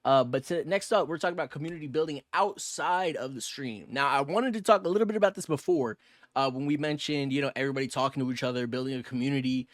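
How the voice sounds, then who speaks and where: A young man co-hosting a podcast, talking fast and loose with lots of slang, cursing and filler words. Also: mid-range voice, no room sound. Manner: fast, rambling, slangy and profane, with many fillers. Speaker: podcast co-host. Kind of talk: casual podcast chat.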